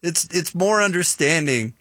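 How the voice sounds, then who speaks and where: A man's voice: a little high, normal speed, no room sound, studio quality. A man with a Utah American accent, hosting a sports radio show in casual, chatty talk. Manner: chatty, self-deprecating, animated storyteller.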